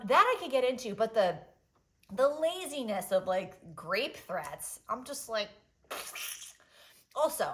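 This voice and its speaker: Animated, swearing woman podcast host. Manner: animated, swings between loud outbursts and low asides; swears freely, fillers like "like" and "um". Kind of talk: casual solo podcast monologue.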